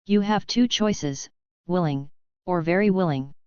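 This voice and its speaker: A man's voice: sits high, a little slow, a little mellow, clean tone, no echo. A woman voicing a sly young man who teases and threatens with a smile, in a dull lo-fi audiobook recording. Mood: teasing. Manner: teasing, smiling threats.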